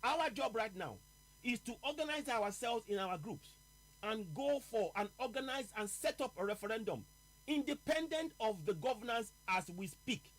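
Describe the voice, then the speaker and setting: A man. He speaks with emphasis, slowing down and repeating his main points so they land. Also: very high voice, lively intonation, fairly bright tone, low-quality recording. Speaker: host. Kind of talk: live political talk broadcast.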